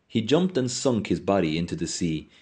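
A man reading a novel aloud with expressive storytelling. His voice is very deep, yet his intonation moves in lively arcs. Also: moderate pace. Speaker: reader.

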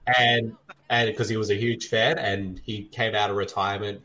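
A man's voice: fairly low pitch, flat delivery, normal speed, bright, forceful tone. A man co-hosting a podcast, chatting casually over a movie and sharing film trivia, laughing often. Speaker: podcast co-host. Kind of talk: casual movie commentary chat.

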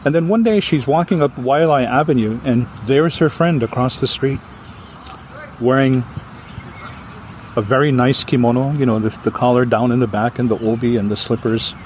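A male storyteller from Hawaii tells a ghost tale in a lively, dramatic way. His pitch sits mid-range for a man. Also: normal speed, a little hiss or hum. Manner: vivid, animated telling with acted voices. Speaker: storyteller guest.

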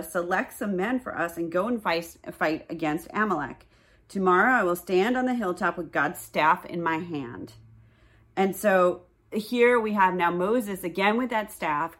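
A woman's voice: fairly low pitch, fairly bright tone. A woman in her forties teaching a casual Bible study, chatting and reading scripture aloud.

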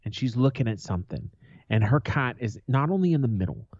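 A man's voice: medium pitch, expressive, a little fast, darkish tone, dry recording. A man co-hosting a podcast, telling stories in a blunt, profane, aggressive way. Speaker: podcast co-host. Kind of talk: casual storytelling chat. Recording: slightly dull, lo-fi sound.

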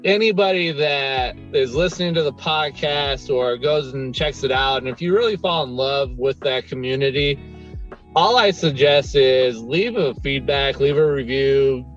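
A man's voice: mid-range voice, a little slow. A man from Colorado hosting a podcast, talking in an easygoing, rambling way. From Colorado, USA. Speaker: podcast host. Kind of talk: casual interview chat. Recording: muffled audio with faint music.

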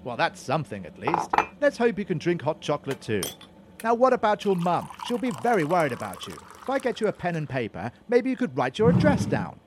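A man's voice: fairly high pitch, huge pitch swings, a little fast, heavy background noise. A man playing a prim, put-upon man who mutters to himself and turns sarcastic, in a comedy audio drama. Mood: fussy.

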